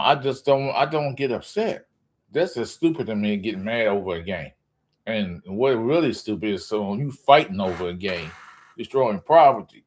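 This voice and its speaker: A man talks in a loose, profane sports rant to his viewers. His voice sits in a middle pitch but shoots up into high, incredulous exclamations as he gets worked up. He sounds like a casual vlogger speaking straight to his audience. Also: slightly rough. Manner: animated ranting, profane, jumps to high exclamations. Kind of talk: ranting casual monologue.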